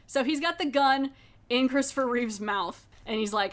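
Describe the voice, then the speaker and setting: A woman's voice: high voice, moderate pace, fairly bright tone. A woman podcast host recapping a TV episode in casual chat, animatedly acting out the characters' lines and laughing often.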